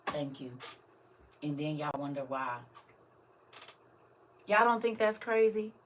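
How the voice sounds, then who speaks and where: A woman's voice: sits low, lively intonation, takes it slowly, far from the mic. An older woman, chatting casually to viewers on a live stream and talking straight to them. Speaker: vlogger.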